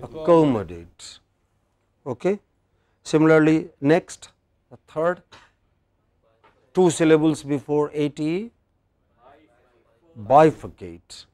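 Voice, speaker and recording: A man's voice: a little high, fairly even intonation, measured pace, long pauses, dark tone, smooth, dry recording. A man with an Indian English accent teaching English word stress in a classroom lecture, quizzing his students.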